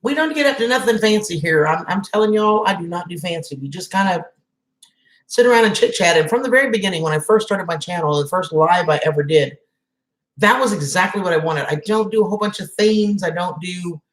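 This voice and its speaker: A woman's voice: fairly low pitch, fairly quick. A woman hosting a live stream, chatting casually and greeting viewers by name. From Southern United States. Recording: echoey room.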